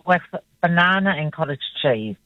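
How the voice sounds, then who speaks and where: A woman's voice: low voice, lively intonation, normal speed, no echo, highs cut off. Eager woman calling in by phone. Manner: hesitant, enthusiastic. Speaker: radio caller. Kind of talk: casual phone-in chat. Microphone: phone line.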